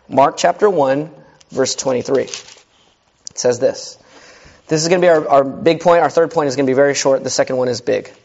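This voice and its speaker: A man's voice: a little high, darkish tone, muffled recording. A male pastor preaching a sermon in a direct, conversational way, often putting questions to his listeners.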